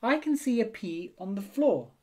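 A man voicing a young girl spider in a storybook reading, speaking in a bright, eager way. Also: sits high, animated, normal speed, voice pushed up.

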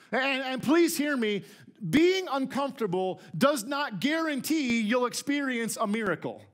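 A man pastor preaching a conversational, emphatic sermon to his church. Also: very high-pitched. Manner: conversational, emphatic, repeats words when starting a phrase. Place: church sanctuary.

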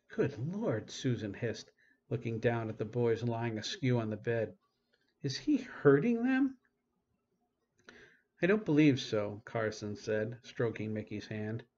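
A man, the author, reading his own novel aloud in steady audiobook narration. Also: lowish voice, lo-fi sound, slight background noise.

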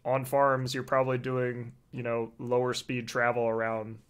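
A male podcast co-host explaining things in casual chat. He keeps a relaxed, easygoing manner and uses plenty of fillers. His voice sits at a middling pitch. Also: normal speed, clean tone.

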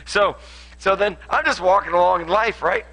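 This pastor's voice sits high, with a sharp tone and normal speaking speed, captured on poor audio. Delivering a playful sermon with a live demonstration in a church auditorium, he laughs and jokes frequently, often starting over mid-thought.

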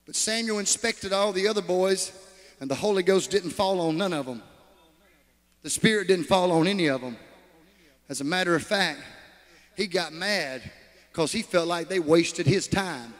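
A man preaching a sermon, swinging from shouts to hushed asides and calling out to the congregation. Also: sits high, moderate pace, pauses often, in a large hall. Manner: calls out to the congregation.

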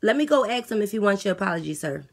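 A woman playing a weary jail guard who relays messages in a flat, matter-of-fact way. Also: medium pitch, quick pace. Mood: scolding. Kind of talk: comedy skit character voice.

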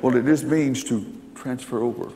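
A man's voice: medium pitch, moderate pace, dark tone, a little hiss or hum. An older man preaching, telling stories in a folksy, emphatic way. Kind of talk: sermon storytelling. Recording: long hall reverb.

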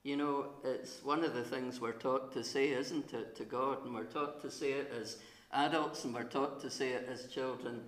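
A middle-aged minister with a chesty, coughing voice, telling a story to children in a church service. He speaks at an ordinary pitch, gently and with pauses. The sound carries around a roomy church. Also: fairly even intonation.

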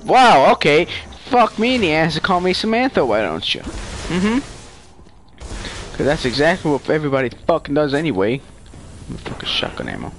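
Brief: male gamer, profane frustrated commentary, lively pitch swings, noisy game audio. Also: moderate pace. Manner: profane, frustrated ranting and taunting. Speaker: gamer playing online. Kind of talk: live gameplay commentary. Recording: noisy gameplay capture.

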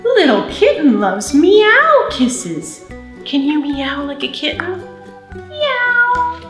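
A woman with a high, bright voice that rises and falls widely reads a picture book to babies and their grown-ups. She speaks slowly and in a sing-song way, like a children's librarian at storytime. The room around her has a noticeable echo. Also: very animated, faint music behind. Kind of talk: baby storytime reading and singing.

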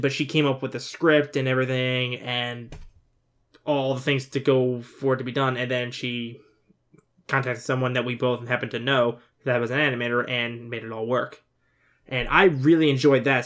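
A man's voice: medium pitch, a bit bright. A man hosting a casual video reaction, chatty and openly emotional, who exclaims and swears often. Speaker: reaction channel host.

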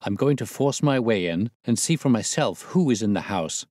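A man's voice: lowish voice, lively intonation, moderate pace, darkish tone, dry recording, clean studio sound. A man voicing an agitated Victorian husband in an audiobook reading, urgent and raised.

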